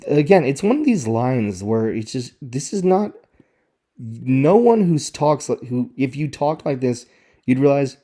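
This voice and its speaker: A man's voice: mid-range voice, animated, unhurried, dark tone. A man giving sarcastic, exasperated commentary as he picks apart a show's dialogue. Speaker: video reviewer. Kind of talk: critical commentary on show dialogue.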